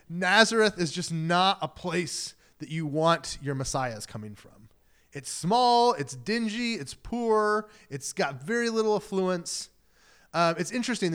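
A man preaching with a slightly higher voice and lots of lively energy. He reads scripture, then breaks into casual, conversational explanation, putting on voices for the people in the story. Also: clean tone. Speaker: pastor. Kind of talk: sermon.

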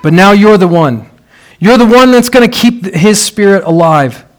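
A man voicing an older male boxing trainer, grave and fatherly, in an earnest, low-key way while retelling a film scene in a sermon. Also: expressive, moderate pace. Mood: solemn.

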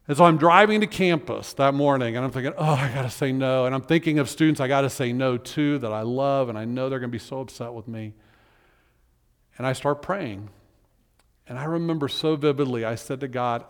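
Earnest male pastor in a reverberant hall. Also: medium pitch. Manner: earnest, emotional, halting with restarts. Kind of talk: sermon storytelling.

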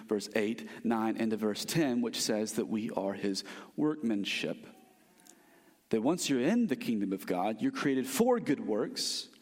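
Male American pastor, higher-pitched, earnest, emphatic sermon delivery; long hall reverb. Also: darkish tone. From United States. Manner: earnest, emphatic, repeats key phrases for stress.

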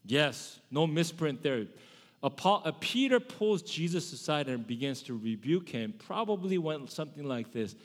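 A male pastor delivers a sermon in a relaxed, conversational style, often stopping to correct himself. His voice sits a little high. The sound carries a long reverb, like a large church sanctuary. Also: moderate pace. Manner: conversational preaching with self-corrections.

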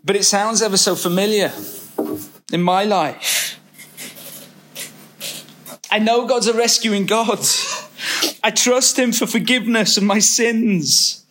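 A man's voice: high-pitched, slow pace, long pauses, a little hiss or hum. A middle-aged man preaching a sermon, reading scripture and acting out quotes with humor. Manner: lively, expressive preaching with humor and acted-out quotes.

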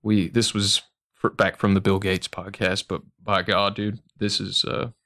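Laid-back lower-voiced podcast man. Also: level tone, measured pace, bright, forceful tone. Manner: loose, laughing, profane. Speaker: podcast host. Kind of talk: casual chat.

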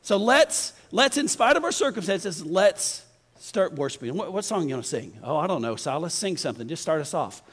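A man preaching a folksy, animated sermon to his congregation. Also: fairly high pitch, moderate pace, husky. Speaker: pastor. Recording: long reverb of a church hall.

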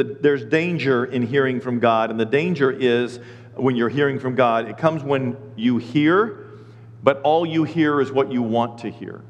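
A middle-aged man preaching a sermon as pastor, animated and acting out the voices of people and God. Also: medium pitch, long reverb tail.

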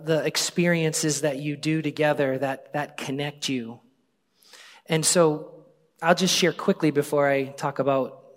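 A man in his forties, a pastor, telling a personal story in a conversational sermon, often dropping to a hushed voice. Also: on the high side. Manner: conversational, drops to hushed tones for quoted moments. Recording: long hall reverb.

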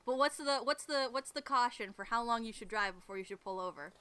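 Here a podcast co-host from the northern United States chats casually outside behind a garage, full of giggles, laughter and filler words. Her voice is a little high, fairly quick, bright and smooth, with a forceful edge.

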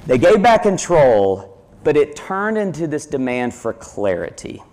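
A man's voice: a little high, big pitch swings, a little slow, a little mellow. A male pastor preaching a sermon, telling a family story in a conversational way and repeating himself as he goes.

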